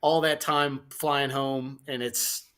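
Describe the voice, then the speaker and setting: A man co-hosting a football podcast, chatting in a relaxed, wry way. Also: mid-range voice, slow pace, clean tone. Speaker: podcast co-host. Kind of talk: casual chat.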